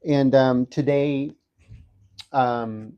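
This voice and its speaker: A man giving a casual livestream update from a hospital room, talking haltingly with many fillers and restarts. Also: mid-range voice, steady tone, clear, resonant tone, dull audio. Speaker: livestream host updating viewers.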